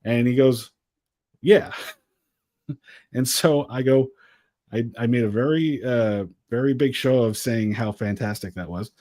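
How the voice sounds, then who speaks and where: Casting: man, podcast co-host, animated exasperated storyteller, dry close mic. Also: mid-range voice, normal speed, no echo. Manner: animated, exasperated retelling with acted quotes. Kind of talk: casual storytelling.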